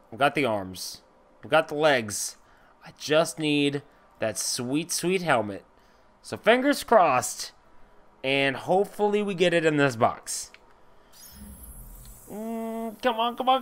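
A young man narrates his game in a high, bright voice. He gets excitable fast, yelling and cursing at whatever attacks him. Faint game music plays under his talk. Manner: excitable, yelling and swearing at enemies. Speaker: gamer playing a shooter. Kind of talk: let's play commentary.

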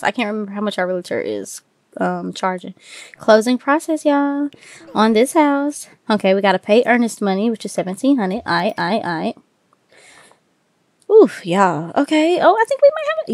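A woman giving casual, excitable let's-play commentary and talking to her viewers. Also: mid-range voice, no echo. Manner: excitable, chatty, addresses viewers as y'all. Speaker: gaming video host.

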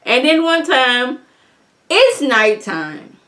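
A woman vlogger with a fairly high voice gives her review of a reality show episode. She speaks in a sassy, exasperated way and talks directly to her viewers, as in a relaxed chat. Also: very slow. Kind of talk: casual review vlog.

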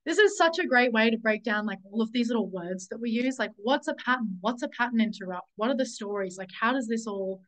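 A woman's voice: a little high, expressive, fairly quick, hardly any pauses, low-quality recording. A woman sharing a personal story on a group call, searching for her words, correcting herself often and swearing now and then. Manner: searching, self-correcting, many "like"s; candid, swears when recalling anger. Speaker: summit speaker.

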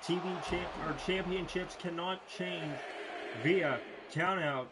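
A man calls a wrestling match in an amateur play-by-play style, his voice pitched a little high and his delivery slow and drawn out. He breaks into excited shouts and curses at big moments. Loud game audio plays steadily under him. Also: heavy background noise. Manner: swears and shouts in sudden excitement; slow, drawn-out calling between bursts.

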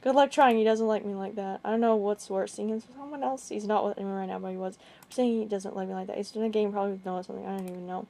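A young woman vlogging casually about a chat exchange, rambling and halting with many restarts. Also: medium pitch, steady tone, gravelly, dark tone. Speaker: gaming video creator. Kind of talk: casual vlog recounting a chat.

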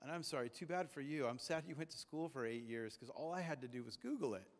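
A man in the pulpit delivers a loose, chatty sermon at an ordinary middle pitch. He drifts into jokes and brief put-on voices for the people in his stories. His words ring out with a long reverberant tail. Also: quick pace. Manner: conversational and jokey, acts out quoted voices. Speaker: pastor. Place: church sanctuary.

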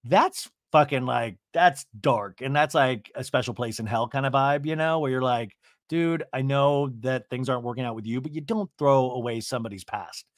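A man hosting a podcast, recapping a reality show in a chatty, animated way and swearing casually. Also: medium pitch, moderate pace, no echo, studio quality. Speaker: podcast host.

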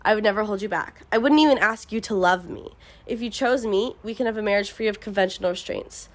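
A woman voicing a smooth, scheming young man who speaks in a cryptic, persuasive way while courting a princess. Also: medium pitch, quick pace, close to an everyday voice.

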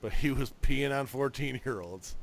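A man's voice: medium pitch, normal speed, gravelly, crowd noise. A man co-hosting a podcast in casual banter, blunt and crude, often laughing through his lines. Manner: blunt, crude jokes, laughs mid-sentence. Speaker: podcast co-host.

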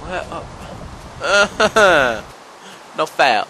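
Animated young man playing a game. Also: on the high side, extremely slow, slight background noise, low-quality recording. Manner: talks to monsters, yelps and shouts when hit. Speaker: gaming channel host. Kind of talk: let's play commentary.

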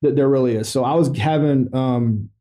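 Middle-aged vet guy on a podcast, warm low-key voice, cracks dry jokes, lots of uhs and ums. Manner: wry, joking matter-of-factly about grave events; loose, halting with many fillers. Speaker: military veteran guest. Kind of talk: casual storytelling in a podcast interview. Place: podcast studio.

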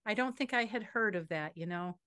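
A woman's voice: mid-range voice, a little fast, bright, forceful tone, smooth, dry recording, natural voice. A woman improvising a flustered small-town woman with a put-on drawl on stage. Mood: fretting. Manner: flustered, repeats herself. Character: fussy, fretting Southern small-town woman. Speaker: improv performer. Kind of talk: live improv comedy scene. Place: theater stage.

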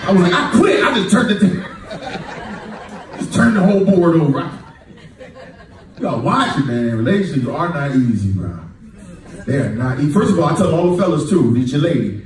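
A man's voice: on the high side, brisk, long pauses, background noise. A man doing a stand-up comedy routine, telling stories and acting out the voices of his friends. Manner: animated storytelling, acts out voices of friends. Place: comedy club stage. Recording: echoey club, mic far, crowd laughing. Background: audience laughter.

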